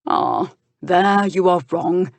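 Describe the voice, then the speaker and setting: Voicing a firm, steady uncle in an audiobook, a woman speaks on the low side with vocal fry in a dry recording. The character, an older guardian and boxer, is measured and dryly mocking.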